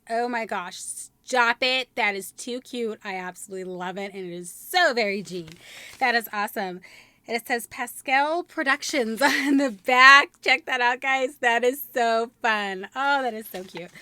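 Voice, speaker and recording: A woman hosting an unboxing vlog, gushing and excitable, gasping and squealing over each item. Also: sits high, dry recording. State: short on sleep. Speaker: DIY channel host.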